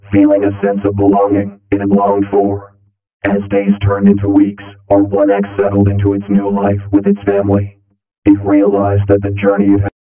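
A man narrating a calm bedtime story in a slow, soothing, even manner. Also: on the low side. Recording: echoey tinny distant line, music.

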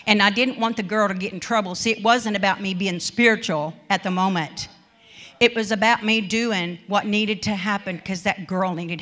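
A woman preacher delivering a sermon as an informal story. She talks conversationally and often slips into the voices of the people she quotes. Her pitch sits in a middle range for a woman. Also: fairly bright tone. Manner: conversational, retells stories with quoted speech.

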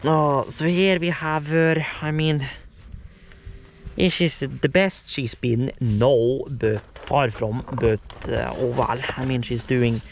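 A man's voice: medium pitch, steady tone, slow pace, slight background noise. Tired, swearing man chatting while fixing his car. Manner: rambling, casual, swears a lot. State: tired, yawning. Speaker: streamer working on his car. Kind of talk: casual livestream chat while doing car repairs.

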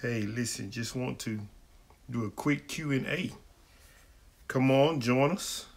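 Speaking slowly with some vocal fry at medium pitch, a married adult pastor runs a livestream Q&A. He welcomes viewers by name with a folksy warmth.

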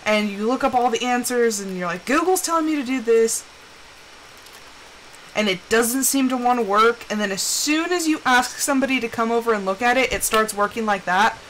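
A young woman chatting casually while playing a game on a live stream, telling animated stories and putting on quick quoted voices. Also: fairly high pitch, a little hiss or hum, poor audio.

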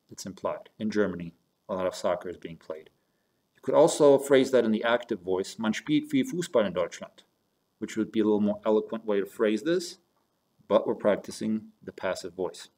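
A man's voice: fairly low pitch, brisk, a little mellow. A man teaching German grammar in a recorded lesson, going step by step between German and English phrases and talking to his students as "you guys".

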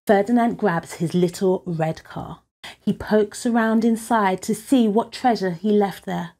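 A woman reading a children's picture book aloud in an expressive storytelling way. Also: medium pitch. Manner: expressive, unhurried.

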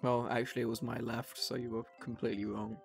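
A man's voice: medium pitch, flat delivery, fast talker, vocal fry, soft background music. A male streamer joking crudely and rambling while playing a game with a friend. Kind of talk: casual gaming banter with a friend.

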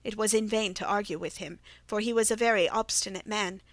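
A woman reading a classic story aloud as an audiobook, in a steady, measured first-person telling. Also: medium pitch, no room sound. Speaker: audiobook narrator.

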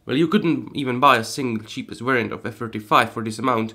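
Deadpan comic narrator, man. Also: mid-range voice, quick pace. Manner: deadpan, sarcastic. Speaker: host. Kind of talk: comedic scripted narration.

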